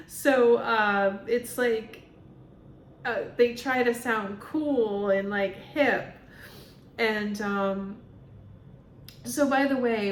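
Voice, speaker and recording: Slow, rambling woman medium. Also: on the high side, roomy sound, a little hiss or hum. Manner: rambling, filler-heavy, laughs often. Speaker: spiritual medium. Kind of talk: casual monologue vlog.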